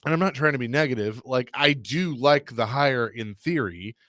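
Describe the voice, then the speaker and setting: A man's voice: medium pitch, normal speed, a bit bright, no room sound, clean studio sound. A man hosting a sports radio show, talking casually and opinionatedly, often restarting his sentences.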